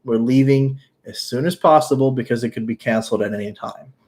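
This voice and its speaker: A man's voice: mid-range voice, fairly quick, darkish tone. Blunt man chatting live. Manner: blunt and outspoken, swears casually. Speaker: YouTuber answering live chat. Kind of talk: casual livestream chat.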